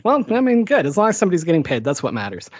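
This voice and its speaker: A man with a fairly high voice hosting a podcast. He talks in a relaxed, joking manner with casual swearing. His voice sounds dry and close, with no room echo. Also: racing. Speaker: podcast host. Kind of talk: casual conversation.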